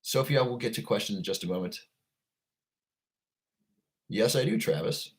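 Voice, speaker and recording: A man's voice: on the low side, animated, normal speed. A man hosting a casual livestream, upbeat and chatty, greeting viewers by name as they come into the chat. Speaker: livestream host.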